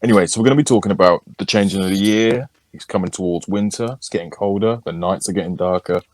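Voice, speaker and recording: A man's voice: sits low, fast talker, a little mellow, no echo. A man, co-hosting a podcast in a casual, crude, joking chat. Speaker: podcast co-host.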